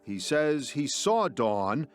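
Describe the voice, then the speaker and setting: Guy doing slow true crime tv narration, calm measured news voice. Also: a little high, faint music behind. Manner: measured, deliberate delivery. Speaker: TV news correspondent.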